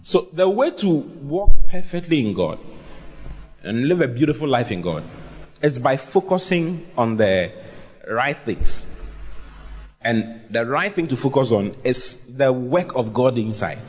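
A man's voice: medium pitch, a little slow, slightly rough. A pastor preaching a sermon, asking his listeners questions and acting out quoted voices. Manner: animated preaching with acted quotes, asks the congregation questions.

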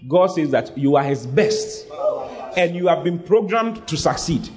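A man's voice: a little high, expressive, measured pace. A man preaching a sermon, speaking emphatically, repeating his lines and having the congregation say them back. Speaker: pastor.

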